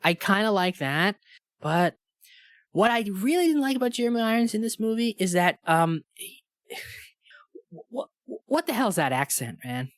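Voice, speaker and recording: A man's voice: sits high, sing-song, normal speed, a bit bright, no room sound, studio quality. A man co-hosting a casual movie review podcast, talking enthusiastically and rambling with many restarts. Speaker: podcast co-host. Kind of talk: casual film review chat.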